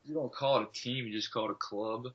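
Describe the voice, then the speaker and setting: A man chatting casually as a podcast guest, hesitant with lots of pauses and fillers. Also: medium pitch, breathy edge. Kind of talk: casual chat. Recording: dull lo-fi audio.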